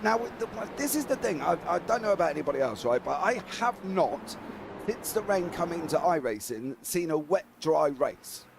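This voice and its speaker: A man commentating a live sim race, chatty and jokey, talking quickly over a noisy background. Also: fairly high pitch, sing-song, gravelly.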